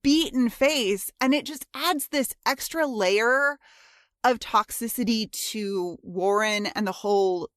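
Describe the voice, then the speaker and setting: A woman co-hosting a podcast, talking in loose, halting casual chat. Her voice sits on the higher side and she often stops to search for the right word, swearing now and then. The recording is dry and close, with no room sound. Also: no room sound. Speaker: podcast co-host.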